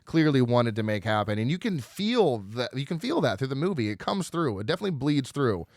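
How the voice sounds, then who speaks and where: A man co-hosting a casual movie podcast, speaking earnestly and stopping to hunt for the right word. The recording is dry, with no room sound around his voice. His pitch sits in the middle. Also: big pitch swings, a little fast, no echo. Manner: earnest, searching for words. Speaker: podcast co-host. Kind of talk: casual movie review chat.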